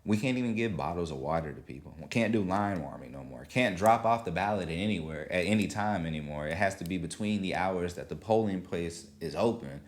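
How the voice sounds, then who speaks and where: A man hosting a solo podcast, talking in casual, animated commentary, swearing freely and acting out quotes. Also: low voice, brisk, few pauses. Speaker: podcast host.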